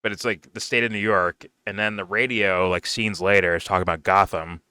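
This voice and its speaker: A man's voice: low-pitched, fairly even intonation, fairly quick, sharp tone, clean tone, dry recording, studio quality. A young man casually reviewing a film, rambling and swearing with lots of fillers and laughs. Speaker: movie reviewer.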